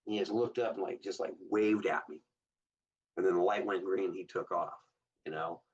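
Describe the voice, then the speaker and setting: Speaking at normal speed in a low, slightly rough voice, a man in his fifties from Southern California guests on a casual interview. The hot rod builder tells lively stories, quoting others in a raised voice, heard through a slightly distant, dull lo-fi recording.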